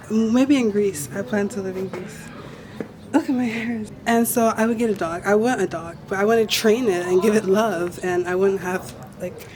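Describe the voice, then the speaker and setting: A young woman vlogging as she walks down a street, rambling and chatty, telling stories with self-mocking asides into a handheld camera. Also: medium pitch. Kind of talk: casual walking vlog chat. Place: outdoors walking down a city street. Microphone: handheld camera held while walking. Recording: street ambience clearly behind.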